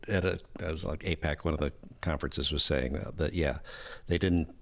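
A man's voice: very deep voice, steady tone, fairly quick, creaky. A man co-hosting a podcast, chatting casually and telling anecdotes with frequent laughter. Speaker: podcast co-host. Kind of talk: casual chat.

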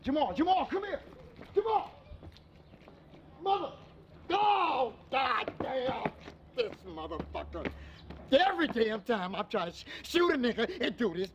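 A man acting in a low-budget comedy film as a panicky young street hustler who curses a lot and talks himself through trouble. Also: big pitch swings, unhurried, long pauses, background noise, heavily acted. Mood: exasperated. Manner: frantic, cursing, talks to himself. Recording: film audio with music underneath.

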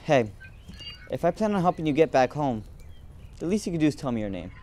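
A young man voicing a talkative, kindhearted young guy who gets worked up and then softens. His voice sits a little high and moves around a lot. Faint hiss runs under the homemade recording. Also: sing-song, a little fast. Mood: gentle. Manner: exasperated then apologetic, talkative. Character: young man befriending a creature, frustrated but kind. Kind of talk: amateur short film acting.

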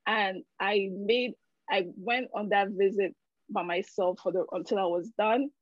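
A woman's voice: mid-range voice, fairly even intonation, measured pace, dry recording, dull audio. Candid woman telling her story, dry call audio. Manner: emotional, candid storytelling with many fillers. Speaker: patient giving a testimonial. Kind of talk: personal testimonial over a video call. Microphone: video call.

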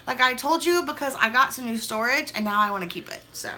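A woman's voice: medium pitch, expressive, fairly quick, bright, forceful tone, slight background noise. A young woman vlogging as she opens mail, talking in a hyper, chatty, gushing way. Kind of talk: casual mail-opening vlog.

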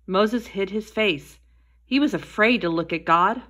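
A woman tells children a Bible story during a Sunday school lesson, using a gentle storytelling style. Her pitch is medium and her pace measured.

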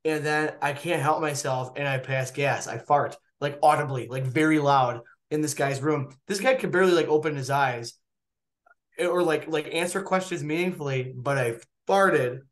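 A man, a physician, telling a candid story in an animated way during a casual Q&A over a video call. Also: on the high side, normal speed. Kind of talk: casual anecdote in a Q&A.

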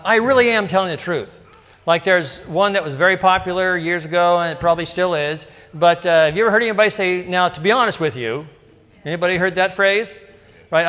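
A man's voice: sits high, fairly bright tone, long reverb tail. A middle-aged male pastor giving a casual, story-filled sermon that is full of asides and rhetorical questions to the congregation. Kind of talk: conversational sermon. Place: church sanctuary.

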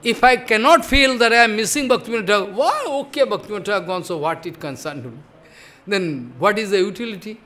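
Speaking fast in a high, bright voice, a male spiritual teacher delivers a devotional sermon. He's emphatic and questioning, going back over his points and making sure listeners are keeping up.

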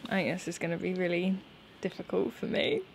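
A YouTuber in her twenties answers viewer questions in an unscripted, casual chat from her garden, nervous and laughing often. Her fairly low, gravelly voice is brisk and flat, with a little hiss or hum in the background.

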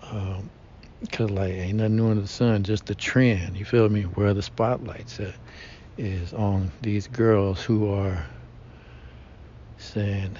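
A man holds forth in a slow, rambling monologue, stumbling over fillers and slang. His voice sits low and mellow. The recording is dull and lo-fi, with a faint rumble underneath. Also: steady tone. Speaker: podcast host. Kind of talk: casual monologue.

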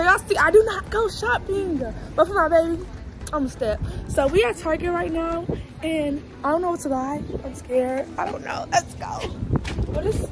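A young woman, vlogging casually in a big store, giggly and nervous as she talks to her viewers. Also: high voice. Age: young adult. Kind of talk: casual vlog chat.

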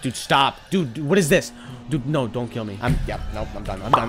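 A man giving casual, sarcastic gameplay commentary, joking around and breaking into sudden high squeals and shouts. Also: animated, fairly quick. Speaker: gaming commentator. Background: game music.

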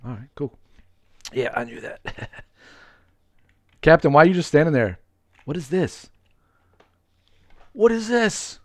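A man streaming a game live, chatting with viewers, greeting them by name, laughing often and getting excited. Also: a little high, measured pace, pauses often, no room sound, studio quality. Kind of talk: live gameplay commentary with viewers.

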